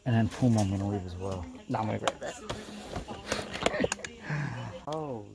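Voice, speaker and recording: A man who collects toys, giving casual running commentary with quick, blunt verdicts and casual swearing while shopping in a toy store. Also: fairly low pitch, vocal fry. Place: busy toy store, indoors. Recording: crowded store noise behind.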